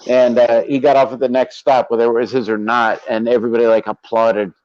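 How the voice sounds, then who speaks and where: A man's voice: medium pitch, little pitch movement, fast talker, a little mellow, no room sound, dull audio. A man hosting a casual chat, telling laid-back, profane anecdotes. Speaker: podcast host.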